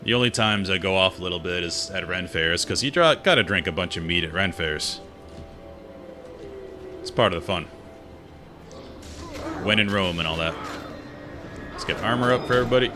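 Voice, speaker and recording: A man streaming a game while chatting casually in a relaxed, rambling, opinionated way. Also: low-pitched, normal speed, pauses often. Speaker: gaming streamer. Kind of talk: casual chat while playing. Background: game music.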